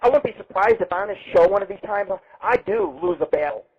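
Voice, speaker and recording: A brash, boastful man hosts a rambling live internet radio show, cursing freely as he goes. His voice sits a little high and comes through husky. The sound is thin and tinny, like it's passing over a phone line. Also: animated, fast. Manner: brash, boastful and heavily profane. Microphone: webcam setup.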